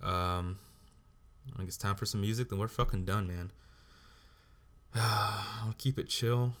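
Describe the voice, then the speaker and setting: A man's voice: lowish voice, steady tone, measured pace, a bit bright. A man hosting a solo podcast, ranting bluntly and swearing heavily as he talks. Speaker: podcast host.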